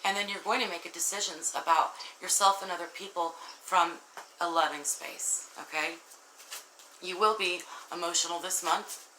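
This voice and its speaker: A woman's voice: on the low side, fairly even intonation, normal speed, reverberant, slight background noise, poor audio. A woman giving an earnest, emotional tarot reading and talking straight to her viewers. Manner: earnest, warm-hearted, addresses viewers directly, emotional. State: tearful at times. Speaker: tarot reader.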